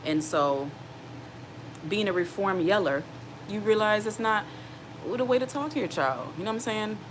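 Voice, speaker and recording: A woman in her thirties with a fairly low voice speaks earnestly and directly to her viewers, giving casual advice. Clear background noise sits under her voice throughout. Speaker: single mom vlogger.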